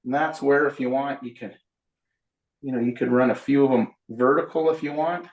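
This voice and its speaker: A man's voice: medium pitch, steady tone, moderate pace. A man giving a live painting lesson, chatting and explaining each step while he paints. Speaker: painting instructor. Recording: roomy echo.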